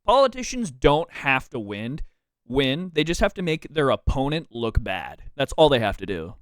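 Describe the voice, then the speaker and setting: A man's voice: mid-range voice, big pitch swings, normal speed, no room sound, clean studio sound. A man streaming, giving casual reaction commentary with a chatty, laughing manner.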